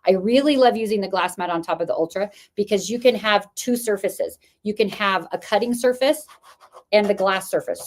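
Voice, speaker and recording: A woman hosting a live product sale stream, chatty and enthusiastic, and losing her voice. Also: medium pitch. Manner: chatty, enthusiastic sales talk with fillers. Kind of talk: product demo livestream.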